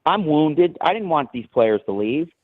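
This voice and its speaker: Male caller on a phone line, rambling, halting, restarts, tinny sound, dry. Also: fairly high pitch, sing-song, no room sound. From New Jersey. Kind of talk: call-in rant.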